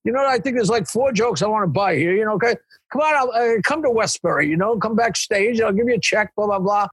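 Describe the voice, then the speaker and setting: A man putting on an impression of a gruff older male comedian, talking bluntly and swearing, with a husky voice. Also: high voice, fairly bright tone, no room sound. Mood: brash. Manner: blunt, swearing, rapid-fire.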